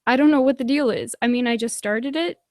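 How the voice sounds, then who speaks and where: A woman's voice: fairly high pitch, brisk, darkish tone, dry recording, studio quality. A woman doing casual livestream commentary and reading her chat, rambling and swearing with lots of "like"s and sighs. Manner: profane, rambling, many "like"s and sighs. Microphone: desk microphone.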